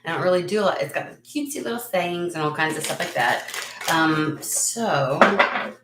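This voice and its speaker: A woman's voice: low voice, moderate pace. A woman hosting a casual tarot reading vlog, chatty and frank, swearing freely and laughing at herself. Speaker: tarot reader and channel host. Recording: echoey room with faint noise.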